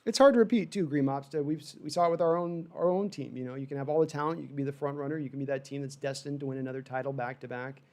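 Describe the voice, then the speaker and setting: A man hosts a fan livestream, reacting to live sports in an animated, rambling way and tossing in frustrated asides as he reads chat. His voice sits at a medium pitch, and he talks fast with hardly any pauses.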